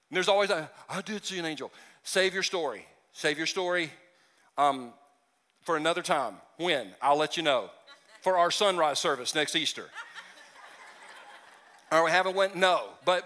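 Joking pastor with a high, bright voice. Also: male voice, lively intonation, moderate pace, pauses often, big-room sound. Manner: joking asides, acts out voices. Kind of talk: conversational sermon.

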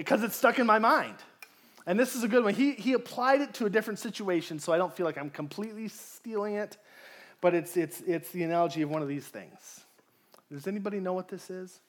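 A pastor preaching a conversational sermon, asking the congregation questions and acting out people's inner voices. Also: male voice, high voice.

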